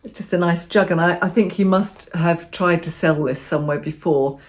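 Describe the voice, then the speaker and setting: This middle-aged vlogger speaks in a lowish voice at an ordinary pace. She's enthusiastically showing off bargains she found, in a relaxed show-and-tell style.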